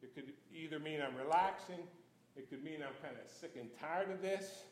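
A man preaching a sermon, telling the story with chuckles, emphatic exclamations and shifts between soft and loud passages. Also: a little high, normal speed.

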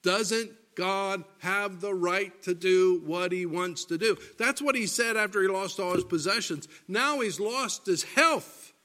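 A man preaching a sermon, deliberate and emphatic, reading scripture aloud. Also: sits high, fairly even intonation, fairly bright tone.

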